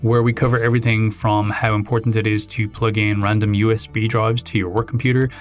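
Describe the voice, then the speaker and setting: Give me a relaxed male podcast host with a low voice and faint music underneath. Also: fairly quick. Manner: easygoing, amused, playful. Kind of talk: casual chat.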